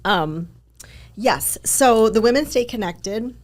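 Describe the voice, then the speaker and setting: Chatty upbeat woman, slightly low voice. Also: normal speed. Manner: chatty, upbeat, filler-heavy with "like" and "um". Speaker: podcast guest, business coach. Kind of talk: casual interview chat.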